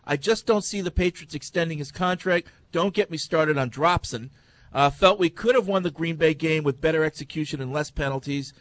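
A man's voice: a little high, fairly quick, no room sound. A man hosting a casual sports talk show, reading listener emails aloud between chat.

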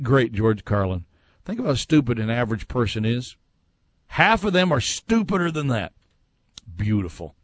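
A man's voice: medium pitch, no room sound. A man hosting a casual sports talk show, reading out listener messages and giving his own opinions. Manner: conversational, reads listener messages aloud and reacts with opinions.

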